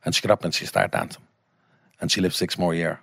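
Low-voiced Irish man, swearing storyteller, dry sound. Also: level tone, fast, vocal fry, fairly bright tone, husky, dry recording. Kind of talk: casual anecdote.

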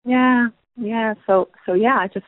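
Irish woman guest, halting, filler-heavy chat; phone-line sound. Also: a little high, slight background noise. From Ireland. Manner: hesitant, many fillers, laughs often. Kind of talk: casual chat.

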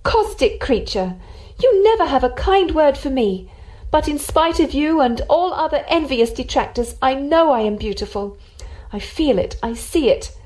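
A woman reading an audiobook, voicing a vain, excitable young woman who sounds half hysterical and demanding. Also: sits high, pitched above the performer's own voice, rough recording.

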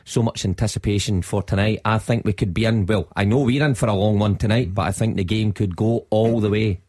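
A man giving emphatic, measured football punditry on the radio. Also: lowish voice, a little mellow, husky.

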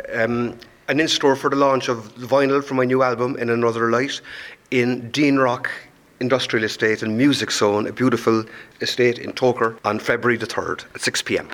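A man from Cork speaks with a Cork accent, meandering through anecdotes with hesitations and restarts. His voice sits at an ordinary middle pitch. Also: a bit bright. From Cork, Ireland. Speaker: musician. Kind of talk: casual interview.

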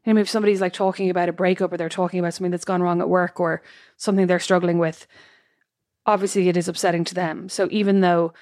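A woman's voice: fairly low pitch, level tone, rapid-fire, a little mellow, no echo, clean studio sound. A woman co-hosting a casual chat podcast, talking things through with lots of "like" and "you know". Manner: reflective, talks things through with many fillers. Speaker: podcast co-host.

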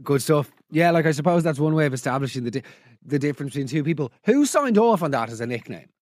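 A man hosts a comedy roast podcast in a fairly high voice, sarcastic and incredulous as he riffs and acts out little scenes. The recording is dry and close, with no room sound. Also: animated, fast talker, a little mellow, dry recording. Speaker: podcast host.

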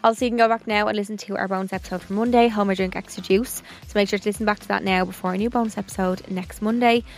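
A woman's voice: mid-range voice, steady tone, very fast, hardly any pauses, soft background music. A young woman co-hosting a podcast in casual chat, also reading out sponsor lines. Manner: chatty, reads sponsor lines. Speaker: podcast co-host.

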